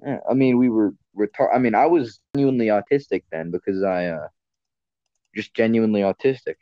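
A man's voice: lowish voice, a little fast, no echo. A man hosting a casual podcast chat, rambling and blunt, often correcting himself mid-sentence. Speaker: podcast host. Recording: dull lo-fi sound.

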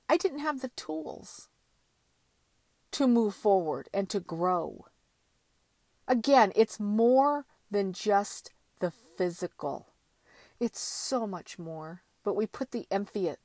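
A woman's voice: mid-range voice, a little mellow, dry recording. A woman giving a candid motivational monologue, blunt and emphatic, with casual swearing. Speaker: motivational vlogger.

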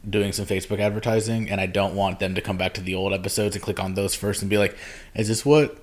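A man with a low, fairly flat voice talks fast while hosting a podcast. The chat is casual and loose, and he rambles with lots of ums and restarts. He's recorded on a podcast microphone.

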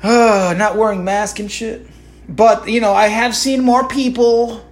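A woman's voice: a little high, fairly even intonation, slow pace. Profane ranting podcast host woman. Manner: rhetorical asides. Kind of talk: solo podcast rant.

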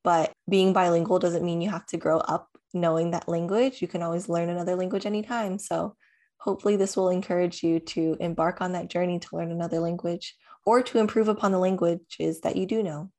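A woman's voice: lowish voice, fairly even intonation, brisk, warm tone. A young woman co-hosting a podcast, chatting casually, rambling and laughing often. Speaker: podcast co-host. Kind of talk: casual chat.

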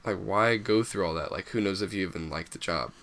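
A man's voice: deep voice, a little fast, a bit bright. A young man chatting casually as a co-host, rambling and filling his talk with "like". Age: young adult. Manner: loose, rambling, says "like" a lot. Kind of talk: casual chat.

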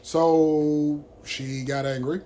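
A man's voice: a little high, flat delivery, very slow, warm tone, a little hiss or hum. A man hosting a vlog who tells a friend's story to the camera in a blunt, heated way, with constant swearing. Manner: blunt, heavily profane and heated.

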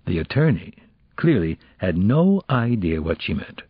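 A man narrating an audiobook in a measured storytelling manner. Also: on the low side, sing-song, husky, no room sound. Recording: dull, dry audiobook recording.

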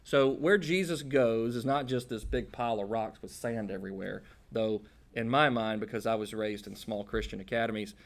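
A man preaching a conversational Bible-teaching sermon, casual and joking, with folksy slang. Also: on the low side.

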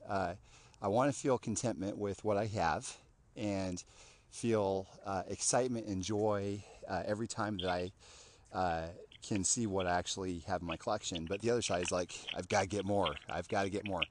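A man hosting a casual podcast interview, rambling and filling pauses with ums and restarts. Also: sits low. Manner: rambling, lots of fillers and restarts. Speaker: podcast host.

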